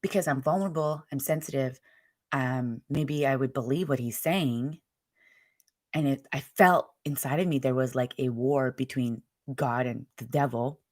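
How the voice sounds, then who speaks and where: A woman's voice: very deep voice, normal speed, no echo, studio quality. A young woman, host of her own show, giving a candid and emotional personal testimony, rambling along with many fillers.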